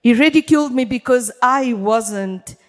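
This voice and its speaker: Slow, emphatic woman preacher in a reverberant hall. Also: a little high. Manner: emphatic, deliberate, addresses the congregation directly. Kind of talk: church sermon. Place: church hall.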